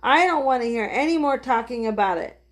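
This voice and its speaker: A woman's voice: on the high side, animated, a little fast, natural voice. A woman reading aloud, voicing an eager, hungry little boy in a children's storybook.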